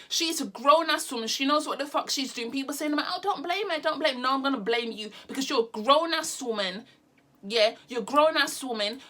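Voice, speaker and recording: A woman's voice: a little high, sharp tone. A young woman from the United Kingdom, angrily ranting to camera in a blunt, sarcastic vlog with plenty of swearing. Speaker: vlogger. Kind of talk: heated opinion rant to camera.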